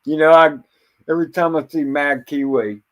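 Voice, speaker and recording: A man's voice: on the high side, fairly even intonation, moderate pace, a bit bright. A man talking in a casual, rambling monologue as a livestream host, blunt and profane, often stumbling over and repeating his words. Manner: blunt, rambling, swears freely.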